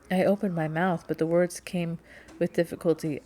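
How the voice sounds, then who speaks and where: Woman narrating an audiobook in a low voice. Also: fairly even intonation, fairly quick, darkish tone. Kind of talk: first-person audiobook narration.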